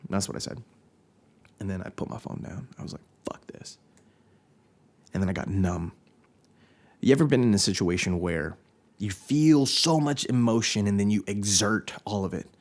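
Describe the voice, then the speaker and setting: Speaking at normal speed in a lowish voice, a young man hosting a podcast shares a personal story, frank and profane, confessing as he goes and interrupting himself mid-sentence.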